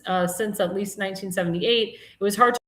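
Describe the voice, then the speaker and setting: A woman's voice: medium pitch, fairly even intonation, fairly quick, a bit bright. A woman hosting a live-stream talk show, chatting in a rambling, casual way and laughing at her own jokes. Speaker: host. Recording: echoey room.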